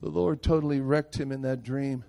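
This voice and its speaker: A male pastor preaching a sermon with passion, moving between raised, urgent lines and quiet, hushed ones. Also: mid-range voice, fairly even intonation, normal speed, gravelly. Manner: impassioned preaching, swinging between loud and hushed.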